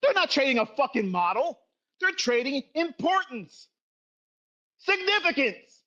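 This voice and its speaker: A man's voice: very high voice, big pitch swings, a little slow, sharp tone, highs cut off. A middle-aged man giving a profane, scolding lecture as a trading educator in a livestream rant.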